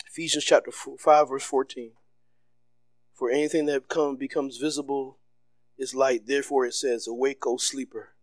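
A man preaching a sermon as pastor, loud and animated, with casual slang and repetitions, swinging between shouts and soft, low passages. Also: moderate pace, dry recording.

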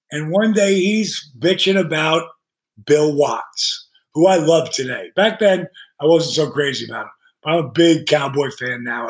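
A man guesting on a podcast, telling casual stories with lots of swearing and acted-out dialogue. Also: a little high. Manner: animated, swears freely, acts out dialogue. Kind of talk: casual storytelling.

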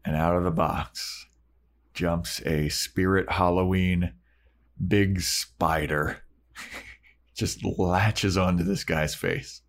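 A man's voice: sits low, fairly even intonation. A man co-hosting a podcast, casually retelling an episode's scenes and acting out the characters' lines. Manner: storytelling, acting out lines in quick snippets. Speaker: podcast co-host. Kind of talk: casual chat recapping an episode.

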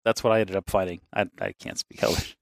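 A man's voice: sits low, quick pace, gravelly, no room sound. Rambling, profane man in dry close audio. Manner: rambling, swears freely, laughs often. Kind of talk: casual chat.

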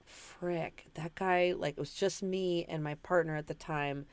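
A woman's voice: sits low, fairly even intonation, a little slow, clear, resonant tone, no room sound. A woman co-hosting a podcast in casual chat, telling rambling stories with many restarts. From Washington state. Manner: chatty storyteller, rambling with restarts. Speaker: podcast co-host.

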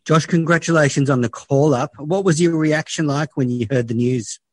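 A man's voice: on the high side, normal speed. A man hosting a cricket podcast, chatty and leading the conversation with quips. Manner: chatty, leads the show with quips. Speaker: podcast host. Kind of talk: casual podcast chat.

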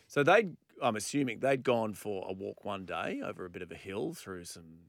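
Lively Australian man telling stories. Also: fairly low pitch, normal speed, dry recording, clean studio sound. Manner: animated storyteller, laughs often. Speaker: radio co-host. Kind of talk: casual banter.

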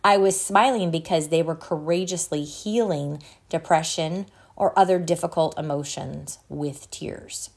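With a low, gravelly voice, a female podcast host works through an article in a measured reading. She occasionally pauses to fix mistakes she's made.

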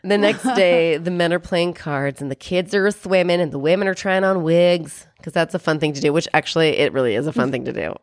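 A woman with a fairly low voice talks through a film recap in a loose, animated way, slipping into quoted lines and the odd swear word. Her voice is close and dry, with no room sound around it. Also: brisk, hardly any pauses, dry recording. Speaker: podcast co-host. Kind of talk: casual movie recap chat.

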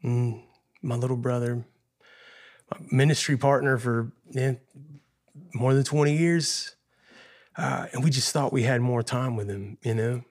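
A man's voice: medium pitch, measured pace, long pauses, a little mellow. Earnest man telling a painful story. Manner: earnest, emotional, repeats phrases and says "man" often. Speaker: guest musician. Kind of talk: heartfelt personal storytelling.

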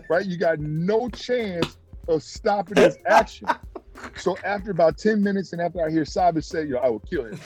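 In a relaxed interview, an ex-pro basketball player spins animated stories, his pitch jumping higher whenever he acts out other people.

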